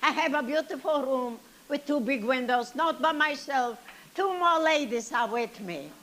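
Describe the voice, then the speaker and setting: In a high, expressive voice at normal speed, a woman plays an elderly Yiddish-speaking grandmother in a comic monologue, chatty and wry, spinning stories with dry self-pity and sing-song asides. The tone is a bit bright, with slight background noise.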